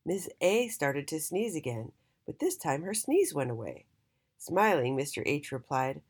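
A woman reading a children's storybook aloud in an expressive, sing-song way. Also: low-pitched, a little slow, slightly rough.

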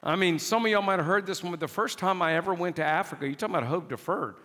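A man preaching a sermon as a pastor, telling a story in an animated, exclaiming, dramatic way. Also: high-pitched, fast. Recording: long hall reverb.

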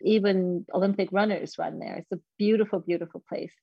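A woman's voice: lowish voice, steady tone, a little fast, vocal fry, husky, no echo, lo-fi sound. A woman in her fifties telling a personal story in an interview, candid and self-deprecating. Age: 50s. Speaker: guest.

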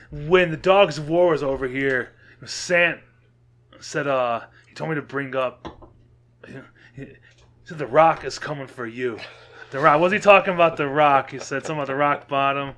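A man hosting a casual chat, easygoing and quick to laugh along. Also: medium pitch, a bit bright.

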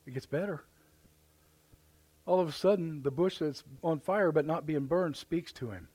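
A man's voice: a little high, moderate pace, darkish tone, husky. A man with a Midwestern American accent, preaching a live sermon as pastor in folksy storytelling, acting out voices and exclamations. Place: church sanctuary, live service.

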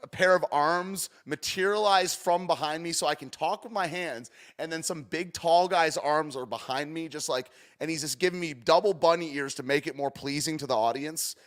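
A young man giving casual, rambling commentary as he reacts to a clip, swinging between loud and soft. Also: a little high, moderate pace, hardly any pauses. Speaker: streamer reacting to a news clip.

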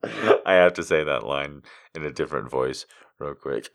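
A man's voice: very deep voice, lively intonation, normal speed, creaky. A man reading erotic poems aloud for comedy, breaking off to laugh and make incredulous asides. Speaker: comedic reader.

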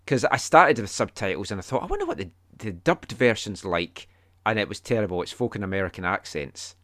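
A man's voice: on the low side, a bit bright, dry recording. A man hosting a casual podcast chat, telling stories with dry, wry humour. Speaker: podcast host.

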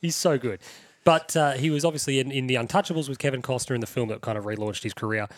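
A man's voice: mid-range voice, fast talker, no echo. A man hosting a podcast, chatting casually and enthusiastically about old films, swearing freely. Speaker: podcast host. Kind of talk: casual chat.

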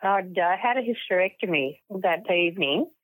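An older woman, an interview guest, telling a personal story in a halting way with many restarts. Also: on the low side, expressive, no room sound. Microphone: phone. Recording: tinny phone line.

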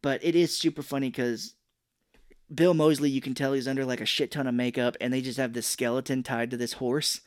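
A man co-hosting a podcast, casually recapping a film with animated retellings, quick voiced impressions of characters and frequent laughs. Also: mid-range voice, dry recording, clean studio sound. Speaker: podcast co-host. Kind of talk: casual movie recap chat.

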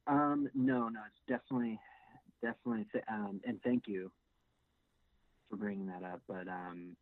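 A man's voice: on the low side, steady tone, moderate pace, long pauses, no echo. A man co-hosting a casual sports podcast, hesitant with many fillers and restarts. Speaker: podcast co-host. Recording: tinny phone-like sound.

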